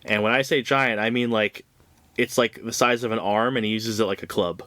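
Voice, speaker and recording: A man's voice: fairly low pitch, fairly even intonation, fairly quick, a bit bright, dry recording. A man co-hosting a podcast, recapping a comic book in loose, profane casual chat full of "like"s. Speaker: podcast co-host.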